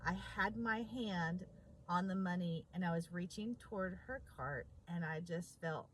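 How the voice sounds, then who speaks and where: A woman's voice: on the low side, unhurried, a little hiss or hum, rough recording. A woman vlogger telling a personal story, acting out both sides of a conversation with emphasis. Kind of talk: storytelling vlog.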